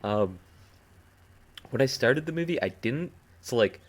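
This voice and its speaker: Lively, jokey young man co-hosting. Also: mid-range voice, measured pace. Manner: jokey, slips into silly put-on voices. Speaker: podcast co-host. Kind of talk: casual chat.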